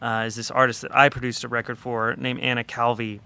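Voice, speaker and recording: A man, a record producer, telling an animated story in a casual podcast interview, full of fillers and asides. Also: medium pitch, a little fast, vocal fry, clean tone.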